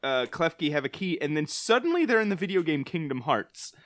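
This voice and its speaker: A man's voice: fairly high pitch, fairly quick. A man on a casual comedy podcast, retelling a cartoon plot with lots of laughter. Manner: animated, laughs often while retelling scenes. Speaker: podcast co-host.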